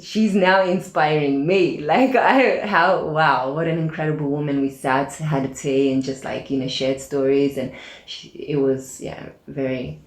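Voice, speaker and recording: Low-voiced woman telling a story in a roomy space. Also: a little slow. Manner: animated storyteller, acts out quoted dialogue, many fillers. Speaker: podcast guest, aid organization founder. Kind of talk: casual storytelling interview. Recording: roomy echo.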